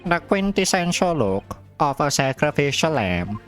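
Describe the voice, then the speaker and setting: A man voicing a menacing, cold male prosecutor with a slow, sinister, vampire-like delivery. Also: fairly high pitch, big pitch swings, faint music behind.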